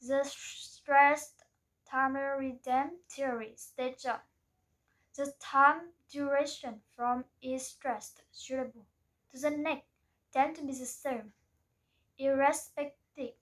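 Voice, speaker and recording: High-voiced woman slowly reading a presentation. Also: rough recording. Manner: careful, reading aloud from a script. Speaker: student presenter.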